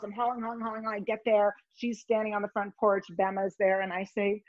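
A woman guest in an interview, telling stories in a rambling, animated way. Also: mid-range voice, brisk, hardly any pauses, no echo, highs cut off. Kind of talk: conversational storytelling.

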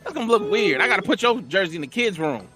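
A man's voice: high-pitched, sing-song, fast, music in the background. A man putting on the voice of a smug, dismissive adult male star athlete. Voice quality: haughty, mocking.

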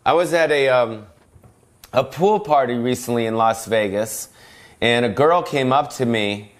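A middle-aged man rambles through a solo comedic podcast rant in a mid-pitched voice. He swears freely, cuts himself off mid-sentence, and now and then bursts into yelling. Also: a little slow. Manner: rambling, profane, self-interrupting, bursts of yelling. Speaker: podcast host.

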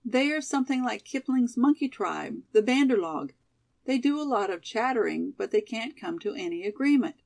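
A woman's voice: on the high side, lively intonation, moderate pace, vocal fry, darkish tone, dry recording. A woman voicing a talkative, persuasive young college sophomore in a storybook reading. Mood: persuading. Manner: persuasive, chatty.

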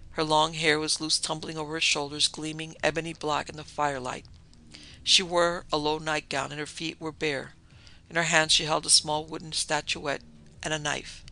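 A man narrating a dark story in a measured, dramatic way. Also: a little high, vocal fry, low-quality recording.

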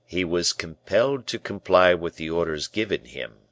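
A calm, guarded bishop who answers gravely and without hurry, as voiced by a man. The voice is deep and low. It is recorded close and dry. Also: no room sound. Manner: slow, grave, measured replies.

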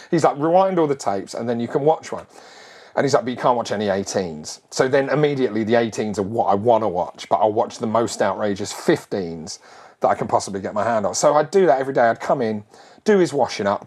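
A middle-aged man telling a long childhood story in a casual, animated way, full of quick asides. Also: mid-range voice.

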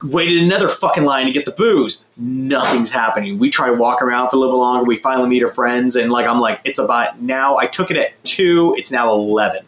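Young guy, casual profane storyteller, mid pitch, echoey room. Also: fairly quick, few pauses, a bit bright. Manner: profane, rambling, self-mocking. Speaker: guest telling a story.

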